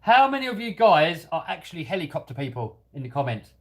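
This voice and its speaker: Man, light London-area accent, slightly higher voice, casual live-stream chatter, self-deprecating, lots of fillers. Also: sing-song, fast talker. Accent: London-area English, lightly Cockney. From England. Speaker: host of a hobby channel live stream. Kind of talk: casual live-stream chat reading out viewer comments.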